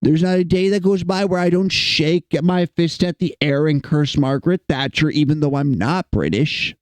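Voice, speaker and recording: A man's voice: a little high, normal speed, smooth, no room sound. A man streaming casually, chatting with his chat in a playful, teasing way. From United States.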